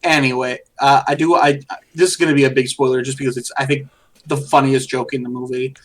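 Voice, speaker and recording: A man's voice: medium pitch, flat delivery, a little fast, fairly bright tone. A man co-hosting a podcast in casual chat, rambling through movie scenes and retelling jokes. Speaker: podcast co-host. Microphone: close desk mic.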